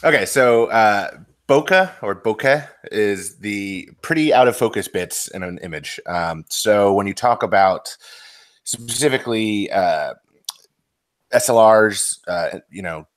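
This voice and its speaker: Male podcast co-host, very low voice, easygoing chatter. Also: a little slow. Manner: relaxed, chatty with fillers. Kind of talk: casual podcast chat.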